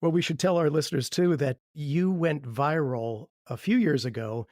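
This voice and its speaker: A man hosting a podcast interview, asking long, measured questions. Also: fairly high pitch, darkish tone, dry recording, clean studio sound. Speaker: podcast host.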